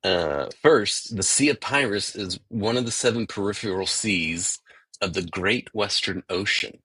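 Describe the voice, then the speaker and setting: A man's voice: lowish voice, measured pace, bright, forceful tone, breathy edge, dry recording, low-quality recording. A man co-hosting a podcast, chatting casually in a playful, rambling way. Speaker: podcast co-host. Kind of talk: casual chat.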